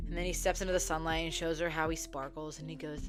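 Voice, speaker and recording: A young woman casually retelling a story to her viewers, chatty and profane, full of "like" fillers, acting out characters' lines in quick quotes. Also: sits low, steady tone. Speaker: book vlogger. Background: faint background music.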